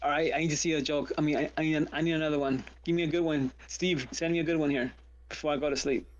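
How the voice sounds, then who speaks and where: A man guesting on a stream, chatting in an easygoing way with halting restarts. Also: on the high side, steady tone, lo-fi sound, slight background noise. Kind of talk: casual stream chat.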